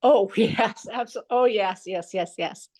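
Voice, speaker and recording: Teary lady calling in, soft, lots of ums, mellow tone. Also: mid-range voice, a little slow. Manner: soft, hesitant, with many ums. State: tearful. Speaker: caller.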